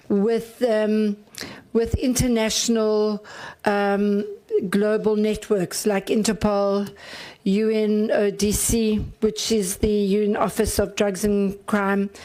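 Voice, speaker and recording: A woman's voice: mid-range voice, darkish tone. Hesitant woman questioning. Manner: meandering, hesitant, with many fillers. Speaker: member of parliament. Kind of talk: committee questioning.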